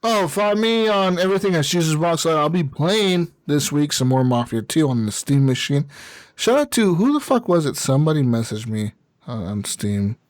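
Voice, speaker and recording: A man's voice: fairly high pitch, expressive, moderate pace, dry recording, studio quality. A man hosting a casual gaming podcast, rambling, laughing often and swearing a lot. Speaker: podcast host. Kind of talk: casual chat.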